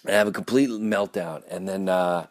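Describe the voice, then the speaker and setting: A man hosting a podcast, telling a dramatic story in an animated, rambling way full of restarts. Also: deep voice, moderate pace. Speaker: podcast host.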